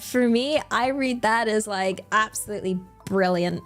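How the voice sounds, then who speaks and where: A woman's voice: on the high side, lively intonation, unhurried, faint music behind. A young woman with a British accent chatting casually on her livestream, rambling through lots of fillers and laughing often. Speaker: streamer.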